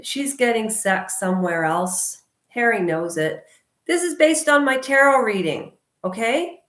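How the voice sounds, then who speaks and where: A woman vlogger ranting loudly and outspokenly in a casual talk to camera. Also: fairly high pitch, lively intonation, a little slow, reverberant. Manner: loud and outspoken. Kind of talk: casual opinion rant to camera.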